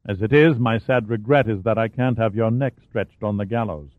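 A man's voice: fairly low pitch, moderate pace, no echo, natural voice. Angry male prime minister, read by a man, hissing, bitter, tinny phone-like sound. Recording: dry, phone-like narrow sound.

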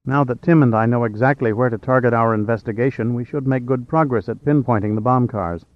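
A man voicing a confident, flirtatious adult woman with a direct, brisk manner. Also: medium pitch, no room sound, close to an everyday voice. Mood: earnest. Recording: slightly dull, dry.

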